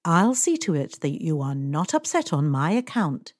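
A woman's voice: sits low, big pitch swings, moderate pace, dry recording, studio quality. Woman voicing a polite young companion. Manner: quiet and polite.

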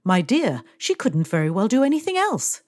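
A woman's voice: medium pitch, sing-song, moderate pace, a little mellow, dry recording, clean studio sound. A woman reading aloud, voicing a languid, fussy wealthy middle-aged lady who complains and gives orders to her employee. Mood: languid, complaining. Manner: languid and complaining, a little imperious.

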